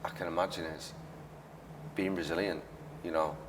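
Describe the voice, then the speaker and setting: A man's voice: low voice, fairly even intonation, moderate pace, slight background noise. A man hosting a casual interview podcast, earnest and repeating phrases for emphasis. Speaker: podcast host. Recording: echoey room, distant mic.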